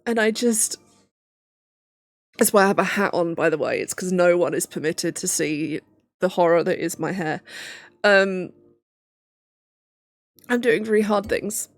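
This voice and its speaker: Young woman near tears, low-pitched, nervous laughs, dry close sound, casual stream chat. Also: measured pace, pauses often, dry recording. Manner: tearful self-talk with nervous laughs. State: on the verge of tears. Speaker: livestreamer and PhD student.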